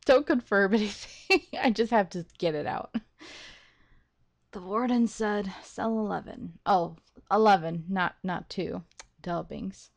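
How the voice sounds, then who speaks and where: Woman, let's play host, mid-range voice, excitable, rambling, laughing, thinking aloud. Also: medium pitch. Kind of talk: gaming commentary.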